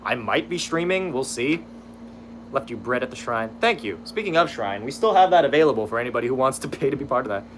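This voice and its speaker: Animated young man chatting on stream. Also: medium pitch, fast talker, slight background noise. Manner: lively, swears casually, laughs at his own fumbles. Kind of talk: casual livestream chat reading viewer messages.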